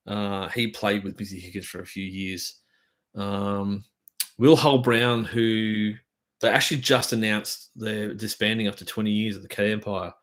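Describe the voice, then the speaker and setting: A middle-aged Australian man hosting a drum channel, chatting on a live stream in a rambling, enthusiastic way full of fillers. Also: lowish voice. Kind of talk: casual live-stream chat.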